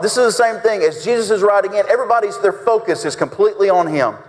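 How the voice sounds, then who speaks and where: A man's voice: sits high, animated, quick pace. A male pastor preaching a folksy sermon, acting out quotes with big swings in his voice. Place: church sanctuary. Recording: reverberant church sanctuary.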